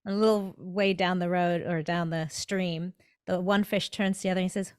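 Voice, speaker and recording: A woman's voice: on the low side, moderate pace, smooth, dry recording. Emphatic woman dentist, dry close sound. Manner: emphatic, animated, acts out inner thoughts. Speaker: podcast guest, dentist. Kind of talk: motivational conversational talk.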